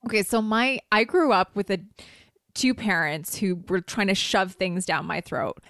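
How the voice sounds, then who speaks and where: A woman from Canada co-hosting a casual podcast, chatty and quick to laugh. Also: medium pitch, no echo, clean studio sound. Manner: laughs often, animated and chatty. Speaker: podcast co-host. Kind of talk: casual chat.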